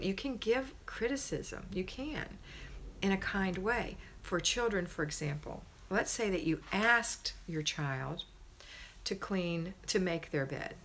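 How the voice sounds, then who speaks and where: A woman's voice: on the low side, a bit bright, slight background noise. Chatty, emphatic middle-aged woman. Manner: emphatic and conversational, keeps asking "right?". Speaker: homemaking coach hosting a live stream. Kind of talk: live-stream advice chat.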